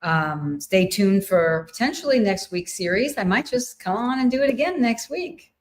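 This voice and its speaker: A woman's voice: medium pitch, animated, moderate pace, slight background noise. A middle-aged woman hosting a live wellness session, talking to viewers in an upbeat, playful, sing-song way. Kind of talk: live stream talk to viewers.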